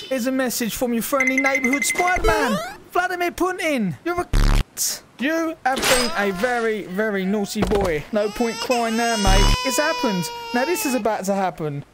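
A woman with a voice on the high side, animated and at normal speed, streams VR gameplay through a headset. The recording is very noisy with loud background music as she throws chaotic, crude, sweary jabs at game characters.

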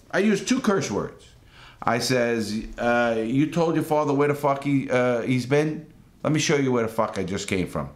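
Blunt streetwise middle-aged man, echoey room. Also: mid-range voice. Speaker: host. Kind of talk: casual storytelling monologue.

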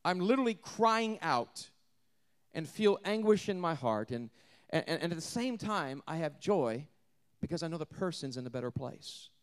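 Animated preacher, man with lively pitch. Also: normal speed, smooth. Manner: animated, dramatic swings between loud emphasis and hushed delivery; repeats words when restarting. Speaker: pastor. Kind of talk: sermon.

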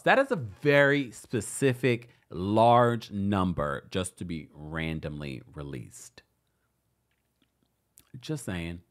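Animated male gossip host. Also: lowish voice. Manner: chatty, animated, playfully shady. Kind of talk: casual commentary.

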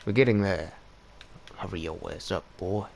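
Gaming host: guy, low and a bit gravelly, chatty let's-play narration that keeps talking to his pets. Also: moderate pace, slight background noise. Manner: chatty, coaxes his in-game pets along. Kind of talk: casual let's-play commentary.

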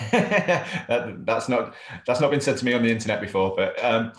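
In a relaxed video-call chat, an English co-host of a collectors' show talks readily, restarting often and laughing with ease. He has a medium-pitched voice with lively intonation at a normal speed, and the audio sounds roomy.

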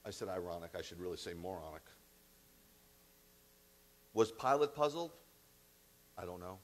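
A man's voice: deep voice, expressive, moderate pace. A man preaching a sermon as rabbi, emphatic and conversational with blunt asides.

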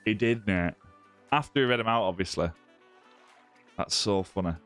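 A man's voice: lowish voice, normal speed, a bit bright, soft background music. A man hosting a live gaming stream, chatting casually with viewers and greeting them by name. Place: indoor room with ring light.

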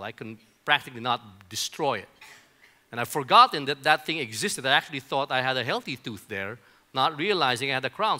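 Man, middle-aged, pastor, bright forceful voice, chatty sermon storytelling, stumbling restarts. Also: medium pitch. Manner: conversational storytelling, often repeats words in restarts. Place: church auditorium.

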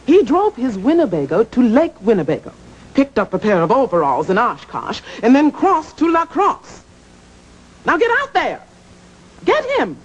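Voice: wildly swooping pitch, moderate pace, husky, highs cut off. A performer putting on the voice of a feisty, bossy old woman speaking from a portrait. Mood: scolding. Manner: bossy, scolding, wildly swooping pitch. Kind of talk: TV game show skit.

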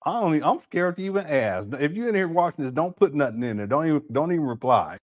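Lively high-voiced man chatting with viewers. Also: quick pace. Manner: laughs often, slangy, calls viewers family. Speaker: livestream host reading chat. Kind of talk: casual livestream chat.

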